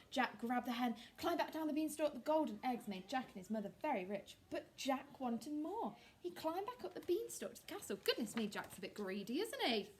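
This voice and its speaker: A woman, an early years teacher, reading a fairy tale aloud and teaching young children in an animated, expressive, encouraging way. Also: fairly high pitch, slight background noise.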